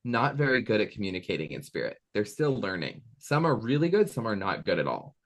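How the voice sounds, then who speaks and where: A man in his thirties with a lowish voice speaks briskly as an interview guest, a medium chatting casually. He's animated, telling anecdotes and acting out the voices in them.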